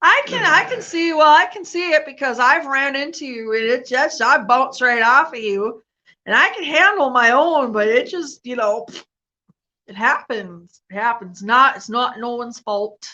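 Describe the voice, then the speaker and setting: High, bright-voiced woman, unhurried casual rant. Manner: loud, laughing, Southern-style colloquial rant. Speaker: vlog host. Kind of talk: casual chat. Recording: dull lo-fi home recording.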